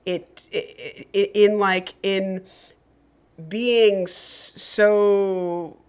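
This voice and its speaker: Brief: woman podcast co-host, lively and profane, quick laughs, mid-pitched voice. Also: clear, resonant tone. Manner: animated, swears freely, laughs a lot. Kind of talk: casual chat.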